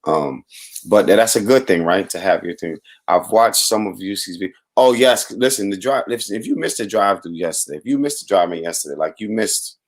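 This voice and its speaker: Hoarse deep-voiced man hosting a morning show. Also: a little fast. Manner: rambling, upbeat, giving shout-outs to viewers. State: hoarse, voice worn out. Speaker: host. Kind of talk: casual livestream morning show chat.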